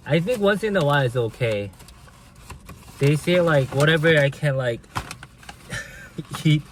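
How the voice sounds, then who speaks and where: Male livestream host, casual and chatty, eats as he talks, reads comments aloud, laughs often; slightly higher-pitched voice. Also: takes it slowly, long pauses, a little hiss or hum. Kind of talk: casual livestream chat while eating.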